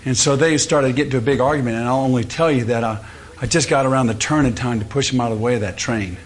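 A man's voice: medium pitch, fast talker, a crowd in the background. Folksy preacher man. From Louisiana, US. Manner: folksy storytelling with fillers. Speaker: conference speaker. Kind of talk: humorous sermon talk.

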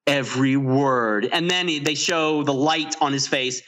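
A man's voice: a little high, normal speed, pushed and bright. A man co-hosting a podcast, animatedly retelling a film's scenes in casual chat and laughing often. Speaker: podcast co-host. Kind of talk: casual movie-review chat.

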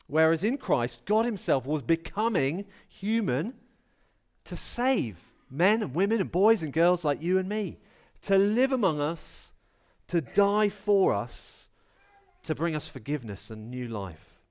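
A man preaching a lively sermon at a carol service, chatty and playful as he talks straight to the congregation. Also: high-pitched. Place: church.

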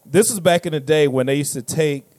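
A man's voice: a little high, a little fast, no room sound. A young man telling a story in casual chat, laughing often and acting out the people in it. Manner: animated storyteller, laughs often, acts out quotes.

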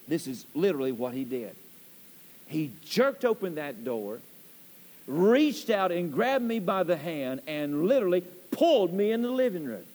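A male pastor, preaching a storytelling sermon in a church and swinging between hushed and loud passages. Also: high-pitched, very animated, normal speed. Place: church sanctuary. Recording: church hall with long reverb.

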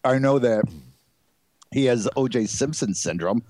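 A man co-hosting a radio talk show, wry and full of quick quips, often stumbling and restarting mid-sentence. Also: medium pitch, a little mellow, no echo. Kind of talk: casual banter.

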